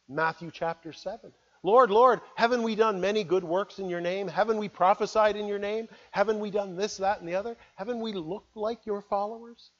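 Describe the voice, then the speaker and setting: A man preaching a sermon, earnest, moving between loud appeals and hushed, quiet words. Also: high-pitched, fairly quick, few pauses, highs cut off. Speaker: pastor.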